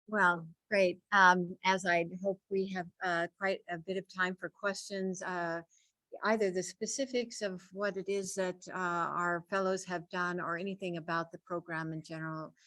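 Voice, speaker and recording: A woman's voice: on the low side, little pitch movement, normal speed, sharp tone, no room sound. A woman moderating a panel and opening the floor for questions, upbeat with frequent fillers.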